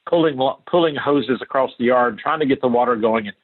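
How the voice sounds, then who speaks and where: A man's voice: mid-range voice, a little fast, phone-quality sound. An older man from Appalachia, a guest answering interview questions in an earnest, emphatic way that repeats key phrases.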